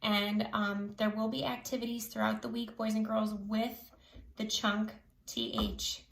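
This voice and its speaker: A woman teacher giving a slow phonics lesson to children, stretching out each sound clearly. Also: medium pitch, animated. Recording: echoey room.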